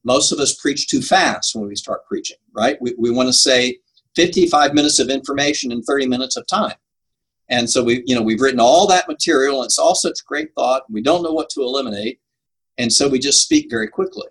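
A man's voice: medium pitch, a little fast, fairly bright tone, breathy edge, poor audio. An older man answering interview questions about preaching, earnest and emphatic, laughing at himself now and then. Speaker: preaching coach.

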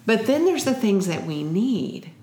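A woman's voice: mid-range voice, very animated, measured pace, a little mellow. A middle-aged woman co-hosting a Christian parenting podcast, speaking in an earnest, teaching way and quoting scripture. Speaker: co-host and parenting author. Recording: roomy echo.

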